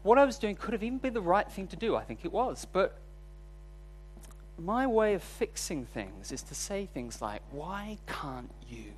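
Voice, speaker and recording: A man preaches a sermon and tells a story from his own life, his pitch swinging up and down lively as he goes. He talks candidly and pokes fun at himself, and a faint hum sits under his voice. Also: moderate pace. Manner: storytelling, voice rising when recounting frustration.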